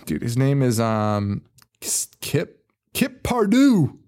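A man's voice: mid-range voice, drawn-out words, a little mellow, clean tone. A man co-hosting a horror movie podcast, chatting casually, rambling and swearing with frequent laughter. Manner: rambling, profane, laughs often. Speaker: podcast co-host. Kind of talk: casual film-review chat.

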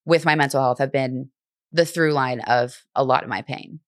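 A woman in her twenties, a fitness instructor guesting on a podcast, telling stories in a lively way and acting out her own lines. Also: rumbling low, normal speed, no room sound, studio quality. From Brooklyn. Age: 20s. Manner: animated storytelling, acts out quotes. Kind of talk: casual conversation.

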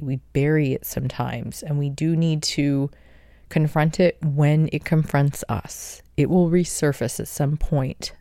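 Woman host, mellow voice, dry close sound, reflective motivational talker. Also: low voice, no echo. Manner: reflective, earnest, self-help tone. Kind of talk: motivational monologue.

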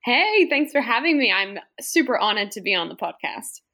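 A woman's voice: fairly high pitch, big pitch swings, moderate pace, sharp tone. A young woman in her twenties from Australia, speaking with an Australian accent that has an American twang, talking in an upbeat, rambling way as a podcast guest. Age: 20s. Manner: upbeat, rambling, self-correcting. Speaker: guest, trail runner. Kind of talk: casual podcast interview.

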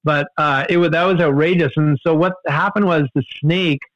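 A man telling a story in casual conversation, animated, with many fillers and restarts. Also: normal speed, no room sound, muffled recording. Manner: animated, jumps in pitch for quoted outbursts, many fillers and restarts. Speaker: guest storyteller.

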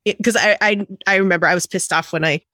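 Woman host, mid pitch, chatty, emphatic, casual chat, dry close sound. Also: fairly even intonation, fast talker, bright, forceful tone, no room sound. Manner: chatty, emphatic, sympathetic interjections. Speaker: podcast host.

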